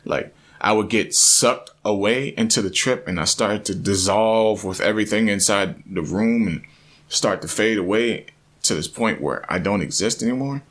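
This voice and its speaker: Earnest low-voiced man telling a story. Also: moderate pace. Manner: earnest, animated, frequent restarts and repeats. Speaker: vlogger. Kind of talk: personal storytelling.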